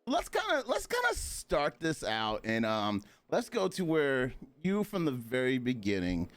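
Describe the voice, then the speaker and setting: A man's voice: mid-range voice, huge pitch swings, unhurried. A man from Maryland hosting a casual chat over drinks, upbeat and chatty, laughing easily. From Maryland, USA. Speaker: podcast host.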